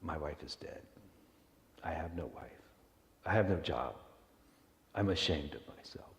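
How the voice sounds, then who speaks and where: A preacher playing a broken drunk man, ashamed and defeated, speaking low and quiet. His words echo in a large, reverberant hall. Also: moderate pace, vocal fry, close to an everyday voice. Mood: despairing. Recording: echoey hall.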